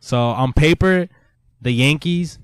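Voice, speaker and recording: A man's voice: a little high, takes it slowly, clear, resonant tone, no room sound. Earnest man defending his baseball team. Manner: earnest, defensive, laughs things off. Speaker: podcast co-host. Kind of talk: casual sports chat.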